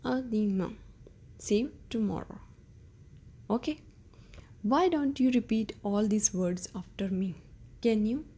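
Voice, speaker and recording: A woman teaching a beginner language lesson, patient, repeating words slowly and checking in with "okay?". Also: on the high side, dark tone, breathy edge. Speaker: French teacher.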